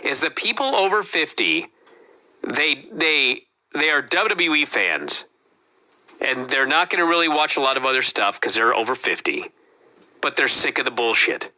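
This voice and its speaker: A man's voice: mid-range voice, expressive, moderate pace, pushed and bright. A man co-hosting a wrestling review show, talking in a casual, profane, ranting way. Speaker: podcast co-host.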